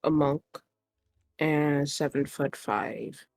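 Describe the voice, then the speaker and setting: Male player, measured replies, dry close sound. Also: fairly high pitch, vocal fry, dry recording. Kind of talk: tabletop role-play answers.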